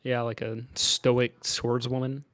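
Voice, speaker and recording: A man's voice: mid-range voice, completely flat delivery, takes it slowly, a bit bright, no echo, studio quality. A man co-hosting a podcast, chatting casually about a movie in a loose, rambling way with lots of filler words. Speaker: podcast co-host.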